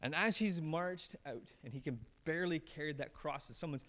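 A man, a pastor, preaching a sermon. He tells the story with feeling, raising his voice on some lines and dropping low and quiet on others. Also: moderate pace. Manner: animated storyteller, swings from raised emphatic lines to low hushed ones.

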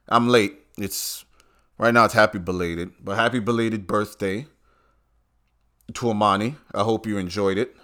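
Profane man ranting. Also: fairly low pitch. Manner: animated, profane, streetwise slang. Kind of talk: casual profane rant.

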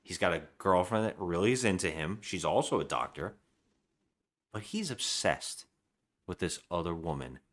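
Deep, lively man recapping a movie. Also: moderate pace. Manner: retells scenes acting out characters' lines. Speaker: podcast co-host. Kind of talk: casual movie-review chat.

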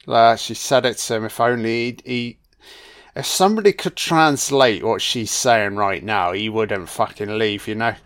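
A man giving a casual film commentary, excitable and heavily profane, full of slang and calling listeners man, son and baby. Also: lowish voice, normal speed.

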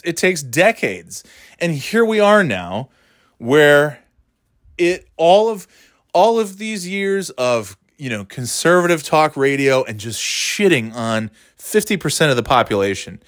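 A man's voice: a little high, fairly bright tone, no room sound, studio quality. A man ranting casually as a podcast host, rambling and sarcastic, swearing a lot. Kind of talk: casual profane rant.

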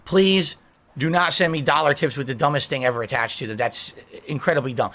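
Fast-talking, indignant man. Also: mid-range voice, a bit bright. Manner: indignant, scolding viewers. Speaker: livestreamer. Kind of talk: livestream chat reading.

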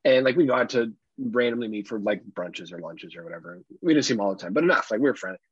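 Husky man telling animated stories. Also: lowish voice, quick pace, no room sound, muffled recording. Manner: animated, acts out other people's lines, laughs often, swears casually. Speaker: podcast co-host. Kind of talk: casual storytelling chat.

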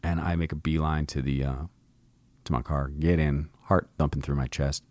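Very deep-voiced man telling casual stories. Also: fairly even intonation, normal speed, darkish tone, no echo. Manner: profane, laid-back storyteller who acts out quotes. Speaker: podcast host. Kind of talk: casual storytelling monologue.

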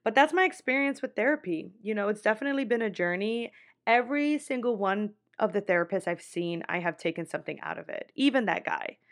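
A woman's voice: mid-range voice, expressive, fairly quick. A woman in her twenties talks into a podcast microphone, sharing her own experiences with candor. She is blunt and swears freely, and her speech runs on casual fillers like "like" and "you know". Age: 20s. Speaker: podcast host. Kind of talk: candid personal storytelling.

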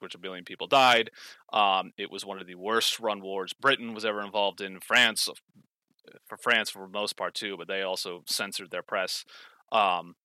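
A man's voice: on the low side, bright, forceful tone, dry recording. A man on a podcast explaining history in casual chat, rambling with fillers and frequent self-corrections.

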